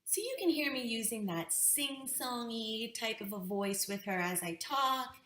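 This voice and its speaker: Bright-voiced woman explaining to parents. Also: on the high side, unhurried, slight background noise. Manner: friendly, explanatory, with fillers. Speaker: parenting educator. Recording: echoey room.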